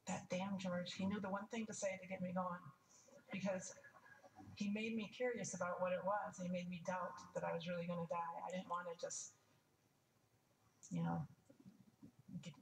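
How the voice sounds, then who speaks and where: A woman's voice: lowish voice, moderate pace, gravelly, long pauses, slight background noise. An older woman telling a personal story in a frank, wry way, stopping to restart and add asides. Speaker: testimony speaker. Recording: echoey room, mic at a distance, faint ambience.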